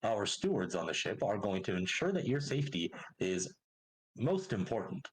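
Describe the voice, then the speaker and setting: A man's voice: big pitch swings, moderate pace, slight background noise, low-quality recording. A man doing a pompous riverboat captain. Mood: formal. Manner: formal sales-pitch announcements. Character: pompous male riverboat captain, cruise announcer.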